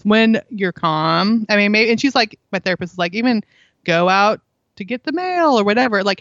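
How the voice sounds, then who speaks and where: A middle-aged woman with a medium-pitched, slightly bright voice guests on a conversational parenting interview. She tells earnest stories, acts out others' words, and laughs often. There's no echo, and the audio is dull.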